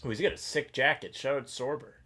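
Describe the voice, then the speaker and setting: A man co-hosting a casual live stream, animated and joking. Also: mid-range voice, a little fast. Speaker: podcast co-host.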